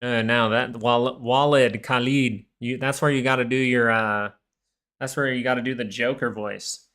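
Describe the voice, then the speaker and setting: A man's voice: mid-range voice, fairly even intonation, normal speed, fairly bright tone. A man hosting a live stock market stream, giving casual, rambling commentary full of restarts. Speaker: stock market livestream host.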